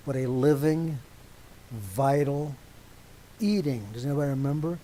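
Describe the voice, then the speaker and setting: Here a man gives an instructive sermon to a congregation, measured and forceful, often stopping to confirm that people are with him. He sounds animated and warm at a medium pitch, though the audio quality is poor.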